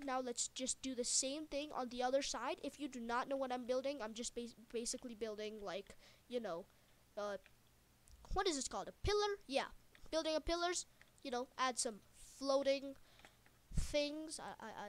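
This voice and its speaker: A woman with a high voice talks through a casual game tutorial as she builds. She rambles and jokes, trips over her words, and fixes herself on the fly. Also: moderate pace. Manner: rambling, jokey, many fillers and self-corrections. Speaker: video game tutorial maker.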